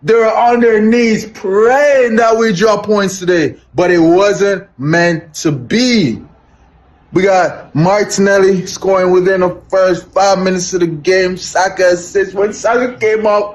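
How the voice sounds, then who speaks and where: A man sending an excited fan message, chanting and repeating phrases in a hyped way. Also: high voice, a little slow.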